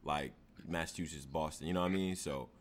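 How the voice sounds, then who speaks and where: A man's voice: very deep voice, over a noisy crowd. A man in casual chat, emphatic and joking as he argues. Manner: animated, emphatic, quick to argue and joke.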